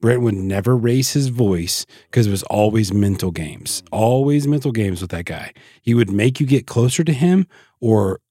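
A man's voice: fairly low pitch, animated, normal speed, mellow, husky, dry recording, clean studio sound. A man hosting a podcast, telling a story in loose, profane casual chat with lots of restarts. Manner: profane, rambling, with many restarts. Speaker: podcast host.

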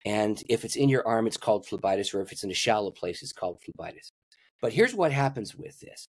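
An older man, a pastor appearing as a guest on a podcast interview, tells a story in an animated way, acting out dialogue with big pitch swings. He talks at a quick pace with a husky voice, and the recording is dry.

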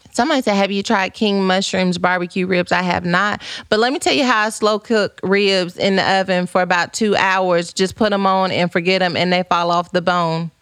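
A woman's voice: medium pitch, a bit bright, clean tone, dry recording, studio quality. A woman podcast host chatting casually and playfully, reading out viewer comments and rambling through folksy, church-flavored asides.

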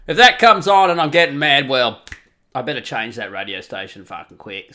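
A man's voice: on the high side, brisk. A middle-aged man ranting profanely through a comic podcast monologue. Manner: sweary, ranting, animated. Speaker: podcast host.

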